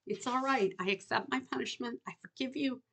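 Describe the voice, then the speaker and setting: A woman reading aloud, voicing a meek, forgiving teenage boy who speaks softly. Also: fairly high pitch, fairly quick, husky, pitched above the performer's own voice. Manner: meek, soft.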